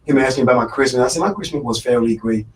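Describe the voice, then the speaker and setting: A man's voice: mid-range voice, racing, distant mic, a little hiss or hum, rough recording. A man hosting a live radio show in casual chat, rambling with lots of fillers and repeated words. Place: radio studio.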